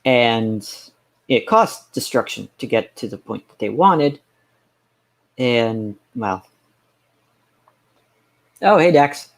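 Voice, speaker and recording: A man's voice: mid-range voice, animated, slow, gravelly. A man chatting casually on a live stream, ranting sarcastically and rambling with frequent restarts. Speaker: game streamer.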